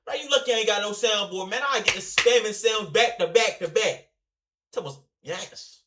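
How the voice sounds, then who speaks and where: A man presenting a reaction video speaks at a moderate pace in a voice that sits high. His talk is loose and rambling, full of slang and energy, with frequent direct remarks to the audience.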